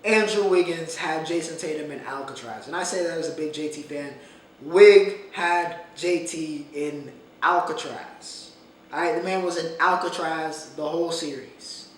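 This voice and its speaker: A man hosts his own podcast, his voice sitting a little high for a man. He talks in an animated, emphatic way and leans on repeated phrases. He sits back from the mic in a very echoey room with faint noise underneath. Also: measured pace, recorded from a distance. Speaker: podcast host. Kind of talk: casual solo commentary.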